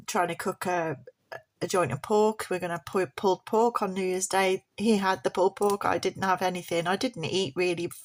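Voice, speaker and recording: Chatty woman talking from bed. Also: on the low side. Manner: chatty and rambling, laughing often. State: recovering from tonsillitis, throat still sore. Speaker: budgeting vlogger. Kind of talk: casual chat to camera. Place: at home in bed.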